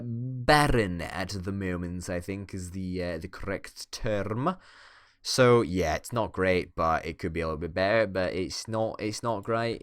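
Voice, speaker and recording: A man's voice: sits low, smooth, no room sound, clean studio sound. A man giving playful, swearing let's-play commentary and hamming it up as a would-be dictator. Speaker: gaming YouTuber.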